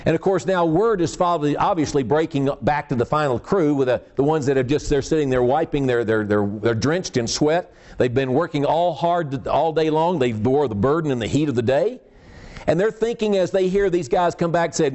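A man's voice: fairly high pitch, lively intonation, fairly quick, a little mellow. A man preaching a sermon, telling the story in a folksy way with frequent restarts and repeated words.

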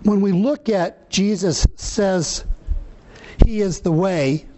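A man preaching a sermon, reading scripture slowly and earnestly, with some fillers and restarts. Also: sits high, dark tone, slight background noise.

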